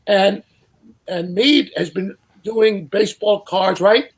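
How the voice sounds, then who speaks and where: An older man telling casual anecdotes as a guest, animated and acting out the people he quotes. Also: high voice, slow pace. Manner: animated storyteller who acts out quotes. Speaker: guest storyteller.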